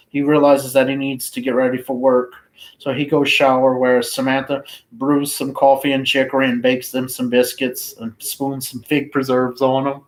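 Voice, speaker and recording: A man casually reading his own fiction aloud, unhurried and flat, now and then pausing to find his place. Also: medium pitch, rough recording.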